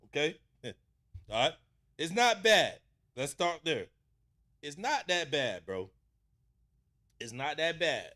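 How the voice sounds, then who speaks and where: A man hosting a casual commentary, coaching a rapper in animated street slang. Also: medium pitch. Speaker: host reviewing rap submissions.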